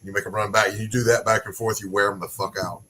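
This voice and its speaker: A man hosting a casual livestream chat, gruff and profane, who is a former Marine drill instructor. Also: on the low side, little pitch movement, quick pace, sharp tone. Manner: gruff, profane, shifts into a barking command voice.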